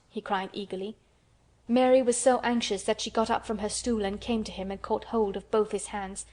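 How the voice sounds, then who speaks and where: A woman reading a children's novel aloud as an audiobook narrator, calm and measured. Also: mid-range voice. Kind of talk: scripted narration.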